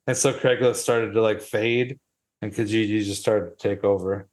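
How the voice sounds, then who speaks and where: A man co-hosting a podcast in casual chat, quick to laugh and react. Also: on the low side, steady tone. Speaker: podcast co-host.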